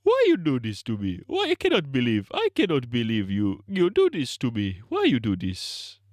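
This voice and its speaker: A man doing a shrill, whiny mock-Nigerian accent impression that starts high and swoops low, as a livestream comedy bit. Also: huge pitch swings, moderate pace, no room sound, clean studio sound.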